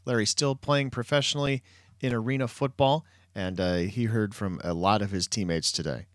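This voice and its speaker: A man's voice: lowish voice, no echo. Man hosting, dry close voice. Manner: measured, formal introductions. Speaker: podcast host. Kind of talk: podcast interview.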